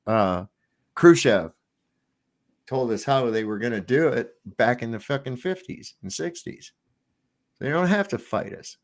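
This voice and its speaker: A man's voice: mid-range voice, animated, measured pace, long pauses. Loose, profane man in casual talk. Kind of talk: casual chat, joke telling.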